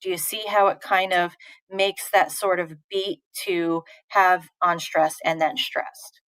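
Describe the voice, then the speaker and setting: Female teacher, unhurried explanations, slightly low pitch, casual live-lesson delivery. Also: fairly even intonation, a bit bright, no room sound, low-quality recording. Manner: patient, informal, many fillers and restarts. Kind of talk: live online poetry lesson answering chat questions.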